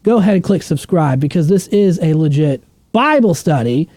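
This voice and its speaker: A man's voice: a little high, animated, normal speed, mellow, dry recording. A man teaching a casual Bible study to his channel's viewers, emphatic and repeating words for stress.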